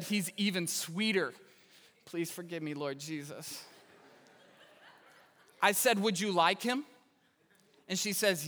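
A man's voice: high voice, pushed and bright. A male pastor giving a sermon with stories and self-deprecating humor, speaking in a large church hall. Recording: reverberant hall.

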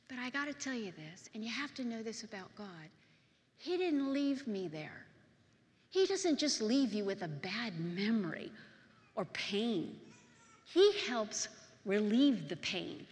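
Middle-aged woman preacher, heartfelt testimony, a touch high-pitched, long church reverb. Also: a little slow. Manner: emotional storytelling, swinging from hushed to loud and excited. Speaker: pastor's wife and preacher. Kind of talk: personal testimony sermon.

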